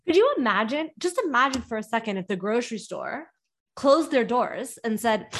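An energetic young woman teaches on her podcast, coaching listeners through business questions. Her voice sits a little high, and she keeps asking rhetorical questions as she pushes her points home. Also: moderate pace.

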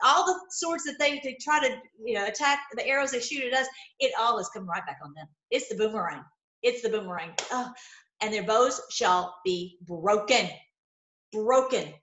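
A middle-aged woman teaching from scripture online, reading verses and commenting with emphatic repetition and sudden excited exclamations. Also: fairly high pitch, normal speed. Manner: emphatic, repeats lines, breaks into excited exclamations. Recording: echoey room.

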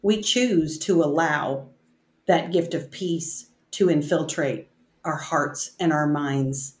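A woman leading a casual bible study discussion, reading scripture aloud and talking it through in halting, restarting sentences. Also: low-pitched. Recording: roomy echo.

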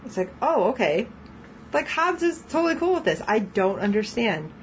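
A woman's voice: a little high, sing-song, moderate pace, slight background noise, low-quality recording. A woman co-hosting a casual podcast, recapping a TV episode in a chatty way and laughing often as she quotes the characters. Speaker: podcast co-host.

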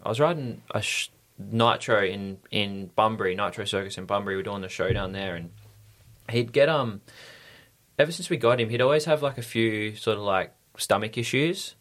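An Australian stunt rider, appearing as a podcast guest, tells stories casually in an easygoing, rambling manner packed with fillers. His voice is on the low side, slightly bright, at a normal speed.

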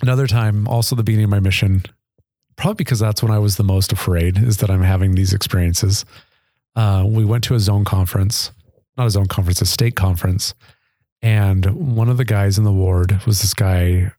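A man's voice: deep voice, creaky, mellow, no echo, studio quality. A man, a podcast guest, telling personal stories in an earnest, chatty way with frequent laughs. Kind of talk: casual storytelling.

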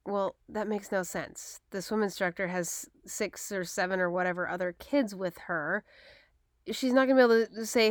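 Frustrated mother, 30s, frank storytelling, crisp dry voice. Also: on the low side, fairly even intonation, moderate pace, dry recording. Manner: upset, frank, retelling dialogue with emphasis. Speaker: mother telling a personal story. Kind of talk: casual personal storytelling.

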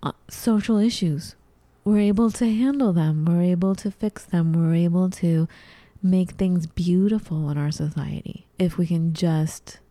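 Low, mellow-voiced woman chatting. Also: measured pace, no room sound. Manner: animated, acts out her own confused reactions in a high voice. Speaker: podcast co-host. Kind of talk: casual chat.

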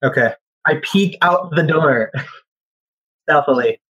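A man playing a tabletop role-playing game, quick and often laughing. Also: fairly high pitch, a bit bright, highs cut off. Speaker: player. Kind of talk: casual tabletop play.

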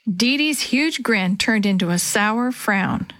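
A woman reading a children's chapter book aloud, telling the story gently and lightly voicing the characters. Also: medium pitch, lively intonation, slow, no room sound. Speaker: storybook reader.

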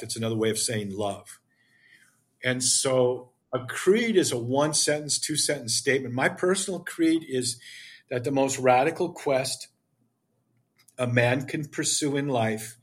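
A man's voice: mid-range voice, slightly rough. An older man as a podcast guest, speaking with passion in an emphatic, preachy way. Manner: emphatic, preachy, acts out dialogue. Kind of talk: impassioned interview talk.

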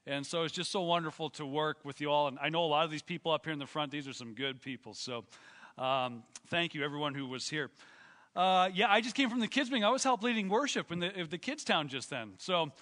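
A man's voice: fairly high pitch, expressive, fast, bright, forceful tone, in a large hall. A man preaching a sermon as pastor, slightly out of breath, emphatic and rising as he reads scripture aloud in a church. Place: church sanctuary.

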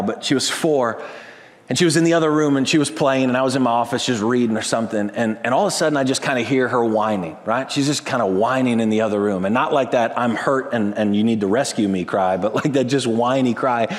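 A man preaching a sermon as a pastor, animated, swinging between loud emphasis and hushed tones. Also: mid-range voice. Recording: long reverb of a large hall.

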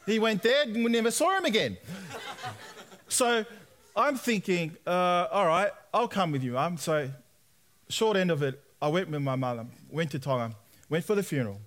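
A man's voice: sits high, normal speed. A young man preaching, telling his own story and acting out the voices in it. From Australia. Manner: animated storyteller, acts out quoted voices. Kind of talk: sermon testimony.

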